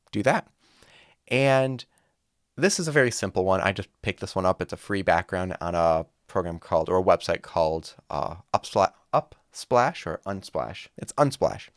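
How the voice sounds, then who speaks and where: Speaking casually from a home studio with a green wall, a music teacher shows how to set up a virtual classroom as part of an online tutorial. His voice is on the low side, fairly bright and smooth, captured on a studio microphone at studio quality with no room sound.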